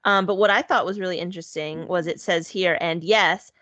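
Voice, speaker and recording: A woman's voice: on the low side, fairly even intonation, fairly bright tone, dry recording. A woman co-hosting a podcast, chatting casually, agreeing readily and reading items aloud. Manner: agreeable, reads quotes aloud, quick back-channel replies. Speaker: podcast co-host. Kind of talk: casual chat.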